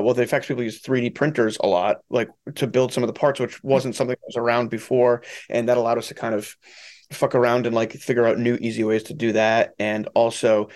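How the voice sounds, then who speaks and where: A man's voice: medium pitch, a little mellow. A man talking as a film director in a casual interview, rambling and profane with lots of fillers.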